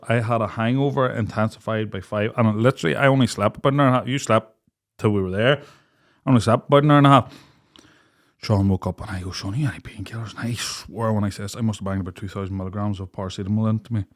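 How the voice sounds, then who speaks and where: A young man, co-hosting a podcast, telling a story in casual chat and acting out the voices of the people in it. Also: fairly low pitch. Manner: animated storyteller, acts out quoted voices, laughs often. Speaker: podcast co-host.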